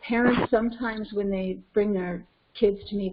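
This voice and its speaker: A woman parenting coach with a North American accent teaching a webinar in an animated way, acting out scenes. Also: mid-range voice, normal speed, hardly any pauses. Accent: North American English. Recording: lo-fi conference call audio.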